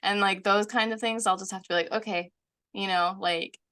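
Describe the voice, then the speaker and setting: A woman's voice: medium pitch, fairly even intonation, fairly quick, pushed and bright, clear, resonant tone. A woman from the United States, a guest chatting casually, with many "like" fillers and frequent laughs. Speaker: author guest. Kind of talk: casual conversation.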